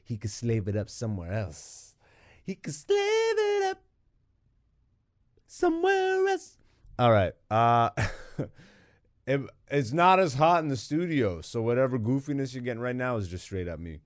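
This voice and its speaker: A man's voice: mid-range voice, expressive, moderate pace, dry recording. A man hosting his own podcast in a studio, riffing alone in a goofy, profane, joking way into a studio microphone. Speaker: podcast host. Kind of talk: casual comedic solo monologue.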